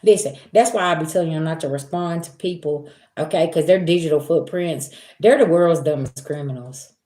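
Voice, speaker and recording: A woman with a lowish voice and a Black hosts a spiritual livestream from home. She talks straight to her viewers, animated and direct, and keeps coming back to "listen" and "okay". The sound is roomy and echoey. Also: fairly quick. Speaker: spiritual reader. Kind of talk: casual livestream chat.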